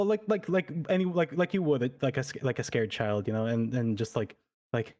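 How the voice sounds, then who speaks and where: A man's voice: mid-range voice, fairly quick, a little mellow. A man playing his character in a tabletop role-playing game. He talks hesitantly, with many fillers and restarts. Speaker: player.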